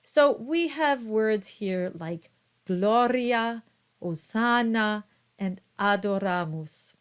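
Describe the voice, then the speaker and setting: Slow, careful woman teaching choir diction. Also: mid-range voice, expressive, clear, resonant tone. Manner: careful, deliberate demonstration of vowel sounds. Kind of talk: instructional explanation with sung-like example words.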